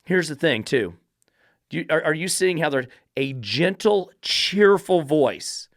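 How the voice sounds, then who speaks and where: A man's voice: expressive, unhurried, no echo, clean studio sound. A man hosting a dog-training podcast, blunt, combative and profane in his commentary. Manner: blunt, combative and profane, mocking falsetto baby talk.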